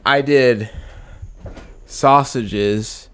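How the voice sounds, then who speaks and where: A man's voice: mid-range voice, extremely slow. A young man co-hosting a casual podcast chat, laid-back, cutting in often and swearing. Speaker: podcast co-host.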